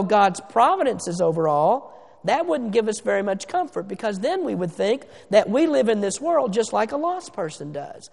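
High-voiced gravelly preacher in a church hall. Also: male voice. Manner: emphatic, slows down for stress, swings between loud and hushed. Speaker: pastor. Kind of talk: sermon. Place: church sanctuary. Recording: long reverb of a church hall.

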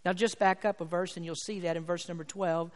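A man's voice: high-pitched, steady tone, fairly quick. Male pastor preaching, emphatic with fervent swells; long church-hall reverb on the voice. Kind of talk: sermon. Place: church sanctuary.

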